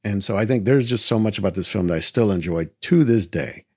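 A man's voice: lowish voice, fairly quick, darkish tone, slightly rough, no echo, studio quality. A male podcast host giving casual film commentary, rambling and enthusiastic, with many fillers.

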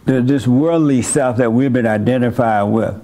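An older man hosting a church meeting speaks in a mellow mid-range voice at a moderate pace. In his role as church leader, he gives a member blunt, down-home spiritual advice, with an occasional chuckle.

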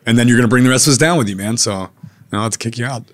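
A man's voice: mid-range voice, rapid-fire. A man, a chef and restaurateur, talking casually in an interview, blunt and laid-back, calling people "man" and "dude" and swearing now and then.

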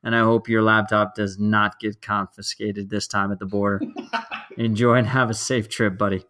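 A male host guiding a segment with polite, measured wrap-ups. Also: lowish voice, level tone, sharp tone, no echo, clean studio sound. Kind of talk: podcast hosting.

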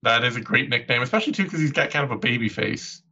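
A man's voice: medium pitch, expressive, fast, bright, forceful tone, husky, highs cut off. A man co-hosting a sports podcast, talking casually and joking, laughing often. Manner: chatty, jokey, laughs often. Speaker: podcast co-host.

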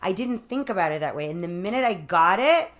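A woman's voice: lowish voice, lively intonation, fairly quick, a bit bright. A woman guest in a candid interview, speaking frankly and filling her talk with "like". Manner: frank, heavy use of "like", acts out quoted voices. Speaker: podcast guest, author.

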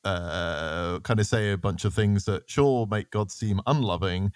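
Low-voiced man in casual faith talk. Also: measured pace, smooth, dry recording, studio quality. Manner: animated, reads scripture aloud then riffs on it.

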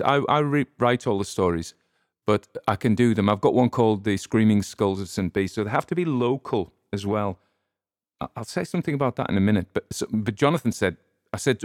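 A man narrating a dark first-person story and chatting as podcast host, earnest and halting with small stammers. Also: on the low side, lively intonation, no room sound, clean studio sound.

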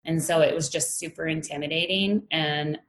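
A woman's voice: sits low, steady tone, moderate pace. A woman in her thirties, a strength coach, telling her story in an interview candidly, laughing often. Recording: echoey room, faint ambience.

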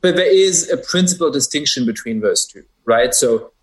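A man's voice: mid-range voice, expressive, normal speed, breathy edge, poor audio. A man with a German accent, a podcast guest, making his case analytically with many hesitant fillers. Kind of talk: podcast conversation.

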